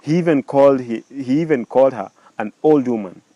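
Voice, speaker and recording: A man's voice: mid-range voice, a little fast, mellow, no echo, lo-fi sound. A man telling a story casually, with many restarts and rhetorical questions.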